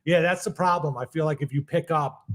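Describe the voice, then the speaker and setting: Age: adult. Sex: man. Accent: New York. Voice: slightly high, laid-back. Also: steady tone, brisk. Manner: laid-back, rambling, with frequent fillers and laughs. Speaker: podcast co-host. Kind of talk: casual comedic chat.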